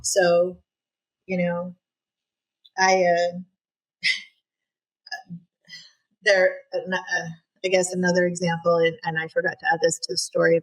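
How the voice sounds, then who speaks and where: A middle-aged woman telling a personal story as a podcast guest. She speaks earnestly and haltingly, with many fillers and restarts. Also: fairly low pitch, a bit bright, low-quality recording.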